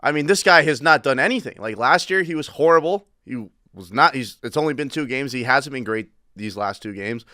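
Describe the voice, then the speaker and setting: A man's voice: mid-range voice, animated, fairly quick, hardly any pauses, sharp tone, dry recording. An American man with a mid-range voice, co-hosting a casual sports chat. He talks in brash, emphatic bursts and swears freely. The recording is close and dry. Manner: brash, emphatic, profane hot takes. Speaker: podcast co-host.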